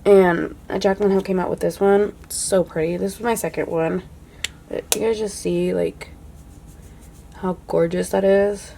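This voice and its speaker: A woman's voice: mid-range voice, steady tone, measured pace, creaky, slight background noise. Chatty young woman beauty vlogger. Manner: chatty, full of "like", drops to a soft hush when admiring products. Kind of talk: casual makeup declutter chat.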